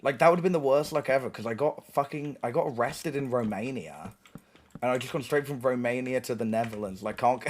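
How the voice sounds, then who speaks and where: A young man streaming, casually telling a story with lots of swearing, laughter and restarts. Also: mid-range voice. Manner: animated, sweary, laughing often, many restarts.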